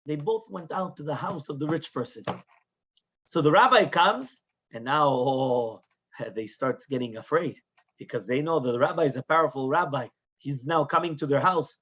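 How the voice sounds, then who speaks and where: A rabbi tells a moral tale with animated energy, slipping Hebrew terms into his English and checking in with his listeners as he goes. His voice sits somewhat high and has a husky edge. The recording is dull and lo-fi. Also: moderate pace. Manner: animated storyteller, acts out the people in his tale; mixes Hebrew terms into English, with frequent tag questions. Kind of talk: Torah lesson storytelling.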